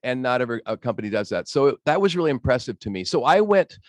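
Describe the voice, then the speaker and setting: A man's voice: medium pitch, sing-song, quick pace, no room sound, studio quality. A man, a roofing business owner on a video-call panel, telling earnest, emotional stories about giving back. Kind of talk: casual panel chat.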